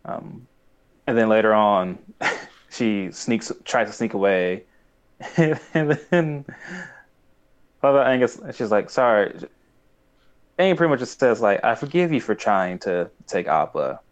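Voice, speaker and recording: A man's voice: lowish voice, big pitch swings, measured pace, long pauses. A young man chatting casually as a podcast co-host, rambling and acting out quoted lines. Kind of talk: casual chat recapping a cartoon.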